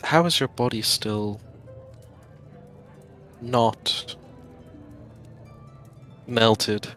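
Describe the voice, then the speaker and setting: A man's voice: medium pitch, drawn-out words, fairly bright tone, soft background music. A man playing a tabletop role-playing game, talking in a casual, hesitant way. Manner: hesitant, with many fillers and restarts. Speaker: player.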